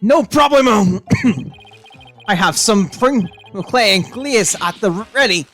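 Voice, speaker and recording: A woman voicing a loud, overeager young woman who acts macho, shouting every line until her voice strains. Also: mid-range voice, animated, takes it slowly, soft background music. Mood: eager.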